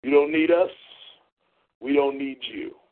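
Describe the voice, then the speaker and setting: This talk show host speaks in a mid-range voice at a measured pace, his audio thin and tinny like a phone call. His call-in rant is angry, full of swearing, mockery and confrontation.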